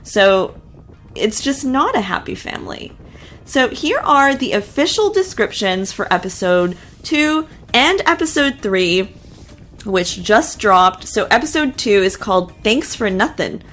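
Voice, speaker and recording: A woman's voice: medium pitch, sing-song, unhurried, a bit bright. A woman hosting a casual TV recap and reaction, talking in a chatty, opinionated way with lots of fillers and asides. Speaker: show recap host.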